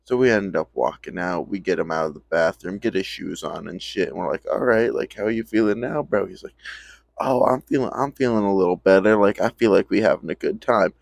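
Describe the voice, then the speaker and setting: A young man with a lowish voice tells a story in a loose, slangy, profane way. He slips into his friends' voices when he quotes them. The sound is dry and close, with no room echo. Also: fairly quick, creaky. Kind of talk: casual storytime.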